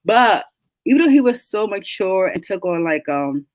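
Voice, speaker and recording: Mid-range and darkish, this woman's voice swings widely in pitch at a normal speed, with no echo. She chats casually while hosting an online book club, laughing often, a little congested from a cold, and hails from New England.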